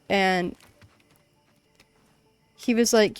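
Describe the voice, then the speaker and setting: A woman's voice: mid-range voice, normal speed, smooth, no echo, faint music behind. A young woman streaming a game and casually retelling a tabletop session, rambling with lots of fillers. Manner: rambling storytelling, many fillers. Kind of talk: casual chat while gaming.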